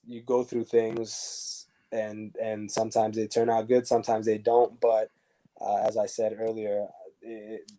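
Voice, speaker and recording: A man, a former pro soccer player, telling stories casually as an interview guest and acting out the dialogue. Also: lowish voice. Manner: animated storyteller acting out dialogue.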